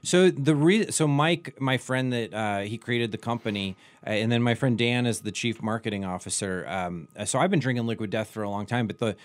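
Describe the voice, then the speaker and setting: A comedian from Wisconsin with a Wisconsin accent, telling rambling, joking stories as a guest in casual chat. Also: male voice, mid-range voice, fairly quick, few pauses. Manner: rambling, joking, many fillers and restarts.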